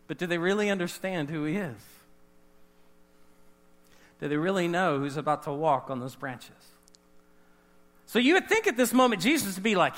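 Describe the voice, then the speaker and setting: A man's voice: sits high, animated, normal speed, pauses often, sharp tone. A man preaching a sermon, explaining a scripture passage verse by verse and asking his listeners questions. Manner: expository, questioning the listeners and re-enacting the scene. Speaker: pastor.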